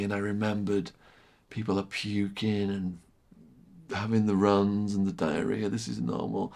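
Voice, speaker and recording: A middle-aged man telling a vivid story as a podcast guest, repeating phrases and sinking to a hushed near-whisper at tense moments. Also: lowish voice, little pitch movement, moderate pace, creaky. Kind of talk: storytelling in casual chat.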